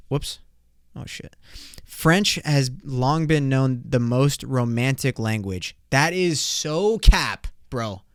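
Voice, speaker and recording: A young man hosting a solo podcast, ranting in an excitable, profane, slangy way. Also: mid-range voice, smooth, dry recording, clean studio sound. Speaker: podcast host.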